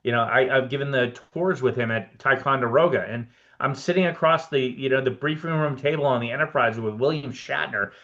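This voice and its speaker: A man in a casual podcast interview tells stories in a lively way, often acting out what each person said. His voice sits at an ordinary middle pitch. The recording is slightly dull and lo-fi. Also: fairly quick, few pauses. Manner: animated anecdotes, reenacts conversations with "I'm like". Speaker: guest, production designer.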